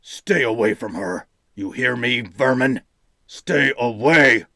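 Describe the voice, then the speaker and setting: A man's voice: medium pitch, lively intonation, takes it slowly, pushed and bright, no room sound, full character voice. A man voicing an enraged, grizzled warrior general who roars and snarls threats. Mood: furious.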